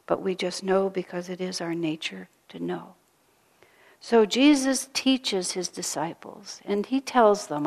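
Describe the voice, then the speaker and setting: A woman with a slightly low voice gives a spiritual storytelling talk. She speaks softly and reflectively, often sinking to a near whisper. She repeats key phrases for emphasis. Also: unhurried, vocal fry, big-room sound. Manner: soft-spoken, often drops to a hush. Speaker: spiritual teacher.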